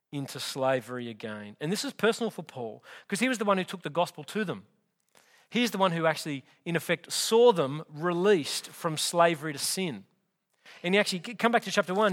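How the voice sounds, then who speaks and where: A man preaching a sermon, teaching through a Bible letter in an emphatic, conversational way and speaking straight to his listeners. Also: a little high.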